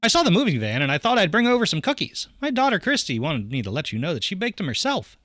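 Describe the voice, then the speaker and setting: A man's voice: high-pitched, huge pitch swings, fast, dry recording, clean studio sound, voice pushed up, heavily acted. A man voicing a cheery, clean-cut, overly friendly neighbor dad in a dating game. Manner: bright, overly friendly, Southern-tinged.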